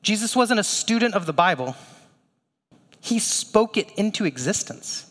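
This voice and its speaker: A man with a high, light voice preaches a sermon, talking to the congregation in a casual, conversational way and tossing in rhetorical questions. His words ring out with a long reverb, as in a church hall. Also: expressive, unhurried, fairly bright tone. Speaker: pastor.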